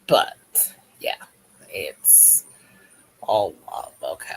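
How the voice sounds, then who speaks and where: A man hosts a casual crochet livestream from home, reading chat messages aloud and joking with viewers as he stitches. His voice is gravelly and a little husky, sitting at an ordinary middle pitch. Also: animated, a little slow, pauses often, a bit bright, low-quality recording. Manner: chatty, jokey, reads chat aloud while crocheting.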